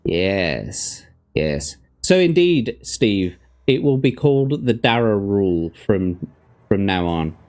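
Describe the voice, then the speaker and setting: A man's voice: lowish voice, sing-song, takes it slowly, a little mellow. A man, hosting a livestream as game master, chatting with viewers and reading gamebook passages aloud. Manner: chatty, laughs easily, talks to his chat.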